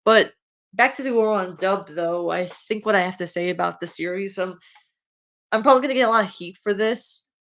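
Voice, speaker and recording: A woman's voice: mid-range voice, a little fast, a bit bright. A woman with a Spanish accent, a streamer talking in a casual, rambling way. She speaks her mind bluntly and fills her talk with ums and restarts. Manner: rambling, with many fillers and restarts; outspoken and exasperated. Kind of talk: casual rambling commentary while reading fan fiction.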